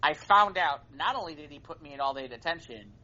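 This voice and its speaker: A man in a casual podcast chat, his pitch rising and falling in lively swings as he spins a story. He stumbles and restarts often, repeating lines for comic effect. The recording is dull and lo-fi. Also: a little fast. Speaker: podcast co-host.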